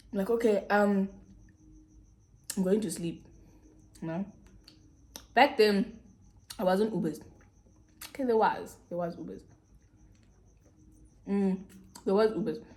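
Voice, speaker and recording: Young south african woman doing a storytime vlog, mid voice, plays both people in the story, goes quiet at the heavy bits. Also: mid-range voice. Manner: animated storytelling, acting out both sides of conversations. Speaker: YouTuber.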